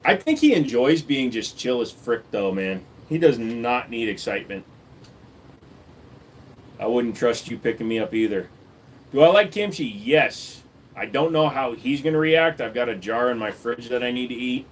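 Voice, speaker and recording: A man rambles casually through a home live stream, cracking jokes for his viewers. His voice sits at an ordinary middle pitch. A faint hiss of background noise runs under the talk. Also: expressive, normal speed. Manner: chatty, jokey, talks to his dog in a baby voice.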